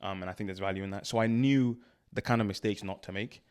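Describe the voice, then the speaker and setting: A young guest on an interview show, a spoken word artist, has a lowish, clean-toned voice and talks quickly. Recounting his story in relaxed conversation, he laughs a lot and performs what others said.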